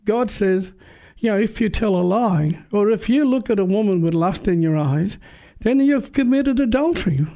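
A man's voice: high voice, animated, normal speed, dark tone. A man preaching and giving his personal testimony in an earnest, emphatic, plain-spoken way. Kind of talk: testimony sermon.

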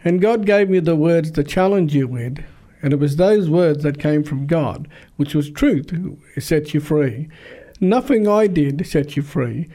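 A man preaching as a pastor, recounting a conversation with earnest repetition. His voice sits slightly high for a man and sounds mellow and warm rather than bright. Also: lively intonation, measured pace. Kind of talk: sermon-style storytelling.

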